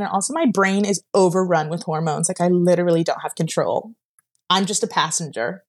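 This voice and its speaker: A young woman with a fairly low voice speaks briskly as a podcast guest, sharing a personal story. She rambles emotionally with many fillers and at times sounds close to tears.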